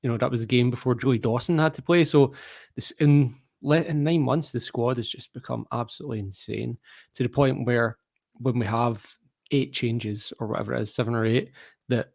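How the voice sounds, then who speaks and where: Australian male fan panelist, mid-pitched, keen, chatty, dry close mic. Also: moderate pace, vocal fry, a little mellow, no echo. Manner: enthusiastic, rambling, self-correcting. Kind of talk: casual fan podcast chat. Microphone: video call.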